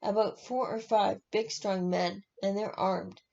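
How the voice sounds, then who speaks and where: A woman's voice: medium pitch, unhurried, gravelly, a little mellow. A woman reading aloud as a stern, strong older woman who speaks in urgent whispers, on a dull lo-fi recording.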